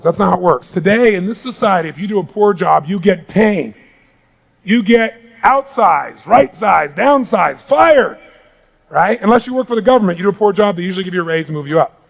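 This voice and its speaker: Middle-aged man, gravelly, fairly high for a man, motivational speaker, energetic, hushed to shouting. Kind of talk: live motivational seminar talk. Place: large hall with live audience.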